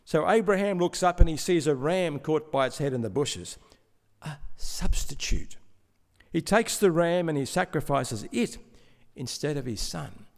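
Male preacher, fairly high voice, steady explaining sermon, some stammered restarts, big echoey church hall. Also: moderate pace, gravelly, few pauses. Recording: long hall reverb.

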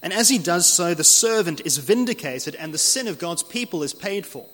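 A man preaching an earnest expository sermon, slowing down to read scripture aloud. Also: high voice, animated, fairly bright tone. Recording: long hall reverb.

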